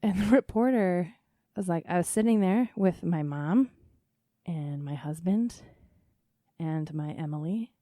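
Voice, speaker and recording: A podcast host in her thirties chats casually in a fairly low, dark voice, taking her time and pausing often. She laughs a lot, pokes fun at herself, and sprinkles in plenty of fillers. The recording is dry and of studio quality.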